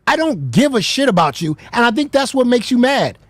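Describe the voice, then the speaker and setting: A woman's voice: a little high, big pitch swings, brisk, dry recording. A woman from the United States hosting a reaction show, talking bluntly with plenty of swearing and mocking laughter. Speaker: host. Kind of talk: heated reaction commentary.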